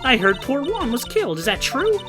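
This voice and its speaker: A man doing a shrill old busybody woman. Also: wildly swooping pitch, a little fast, music in the background, full character voice. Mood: indignant.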